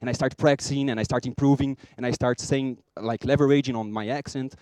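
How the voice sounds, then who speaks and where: A man with a Brazilian accent giving a lively conference talk, acting out small scenes and joking with the audience. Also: medium pitch, fairly quick, smooth, no room sound, clean studio sound. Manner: lively, acts out little scenes and jokes with the audience. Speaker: conference speaker.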